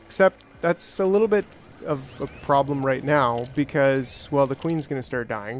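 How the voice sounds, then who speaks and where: A man giving casual, rambling let's-play commentary, talking to himself and joking, with bursts of excitement. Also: mid-range voice, moderate pace, a little hiss or hum. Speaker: gameplay streamer.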